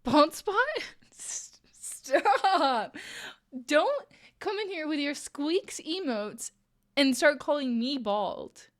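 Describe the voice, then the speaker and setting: A woman streamer chatting casually with her viewers while crocheting, playful and quick to laugh. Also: high-pitched, lively intonation. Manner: playful, laughs often, reads chat aloud.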